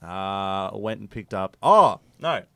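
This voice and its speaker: A young man telling everyday stories on a podcast, laughing often and making deadpan asides. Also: low voice, slow pace, vocal fry, clean tone, no echo. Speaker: podcast co-host. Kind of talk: casual podcast banter.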